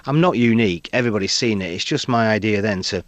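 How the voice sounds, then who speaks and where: In a radio studio, a comedian guest, a middle-aged man with a Northern English accent, rattles off anecdotes fast in a fairly low voice. He gets animated and acts out the voices he's quoting, and the audio is dry.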